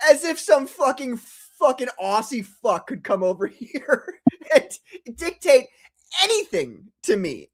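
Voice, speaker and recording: A man's voice: very high voice, big pitch swings, unhurried. A man from the United States hosting a casual livestream chat, ranting profanely and laughing often. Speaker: podcast host.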